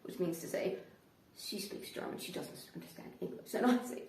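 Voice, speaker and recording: A woman comedian performing a stand-up routine, telling her stories in an animated way. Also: lowish voice, fast talker, slight background noise. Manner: animated storytelling. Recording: roomy, distant mic.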